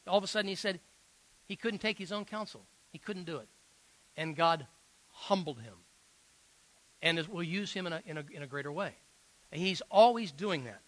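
Emphatic high-voiced male preacher. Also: expressive, moderate pace, long pauses, fairly bright tone, rough recording. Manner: earnest, emphatic, with frequent fillers and restarts. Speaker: pastor. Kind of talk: sermon storytelling.

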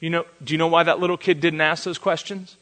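A male preacher delivering a sermon as an animated storyteller who acts out the quotes. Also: a little high, quick pace, big-room sound.

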